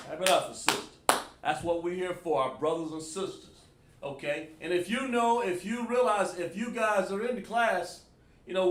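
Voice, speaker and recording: Male teacher at a whiteboard, slightly high voice, echoey room, off-mic, coaxes students, sounds out syllables. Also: a bit bright, recorded from a distance. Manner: interactive, calls on students by name and sounds out syllables. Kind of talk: live online class lecture.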